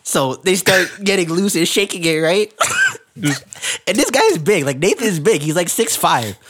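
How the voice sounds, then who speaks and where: Man telling a story with lively pitch. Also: background noise. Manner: animated storyteller, laughs through his lines, drawn-out disbelief. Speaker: podcast co-host. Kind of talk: casual chat recapping a reality show.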